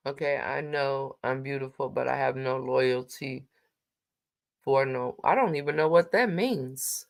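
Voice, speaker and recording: A woman hosting a relaxed livestream chat, reacting to viewer comments as she goes. She talks in a sassy, emphatic, down-to-earth way and draws out her exclamations. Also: a bass voice, creaky. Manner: colloquial, drawn-out exclamations.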